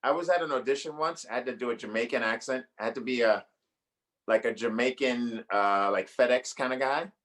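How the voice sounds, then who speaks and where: A male comedian chatting casually on a video call, telling animated stories and laughing often. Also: medium pitch, fairly quick. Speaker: guest comedian.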